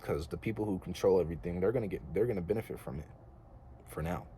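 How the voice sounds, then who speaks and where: A young vlogger from the United States talks quickly in a low, warm voice, slightly hissy or humming in the background. His spiritual monologue to camera is sincere but rambling, casual, slangy, and packed with filler.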